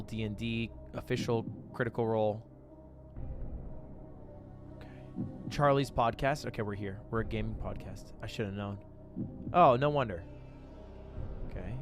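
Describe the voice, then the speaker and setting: A man talking casually on a livestream as a streamer and podcast host, reacting with incredulous outbursts and plenty of swearing. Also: mid-range voice.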